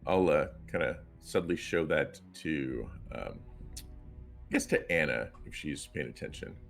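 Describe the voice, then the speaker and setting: A man's voice: a bass voice, a little slow, gravelly. A man playing a tabletop game, casually and hesitantly describing what his character does. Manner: hesitant, casual, many fillers. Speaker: player. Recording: music playing behind.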